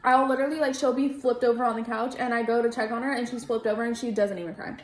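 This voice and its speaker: A woman's voice: fairly high pitch, quick pace. Young woman chatting while eating, echoey room. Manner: relaxed, talks while eating. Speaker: vlog co-host. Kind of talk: casual chat.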